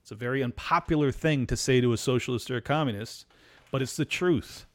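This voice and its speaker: A man's voice: mid-range voice, a little fast. A man hosting a political commentary show, ranting in a sarcastic, mocking way and swearing freely. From United States. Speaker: podcast host.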